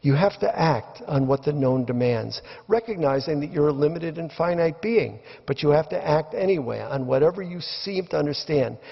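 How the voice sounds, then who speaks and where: A man's voice: on the high side, normal speed, gravelly, few pauses, breathy edge. An older man giving reflective opening remarks in a debate, storytelling as he goes. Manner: reflective, storytelling delivery with acted quotes. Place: lecture hall. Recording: dull lo-fi recording in a reverberant hall.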